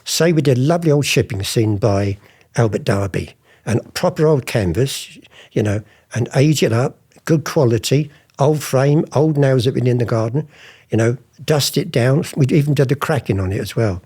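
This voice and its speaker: A former art forger, now an older man, spins anecdotes during an interview, performing bygone conversations in various voices. His mid-range delivery is animated and husky with a darkish tone, moving at a moderate pace.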